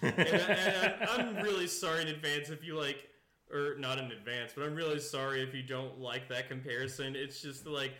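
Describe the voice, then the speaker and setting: A man's voice: mid-range voice, fairly even intonation, normal speed, pushed and bright, echoey room. A young man co-hosting a podcast, chatting casually, rambling with lots of fillers and laughing often. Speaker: podcast co-host. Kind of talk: casual chat.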